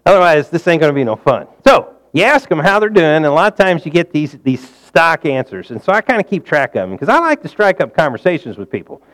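A man preaching in a relaxed, folksy way, quizzing his listeners as he goes. His voice sits a little high and sounds smooth and clear. He climbs loud and high to hit a point, then drops low and soft. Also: fairly quick, hardly any pauses. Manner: folksy, engages the audience with questions; rises loud and high for emphasis, drops low and quiet for asides. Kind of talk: conversational sermon.

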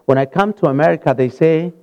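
A man from Africa preaching a sermon in a church, retelling scripture with sudden loud rises and soft drops. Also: on the high side, quick pace, muffled recording. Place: church hall.

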